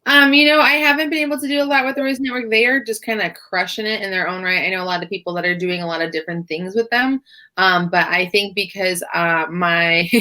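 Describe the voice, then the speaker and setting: A woman's voice: fairly low pitch, bright, forceful tone. A woman talking as a guest on a talk show, friendly and a bit rambling. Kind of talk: casual interview.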